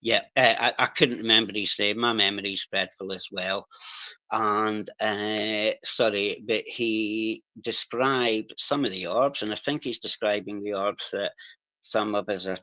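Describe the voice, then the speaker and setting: A man with a strong regional accent speaking on a live audio chat, halting and apologetic, restarting his sentences often. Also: fairly low pitch, steady tone, sharp tone, no echo, low-quality recording. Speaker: caller sharing experiences. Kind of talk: casual hesitant sharing on a live audio chat.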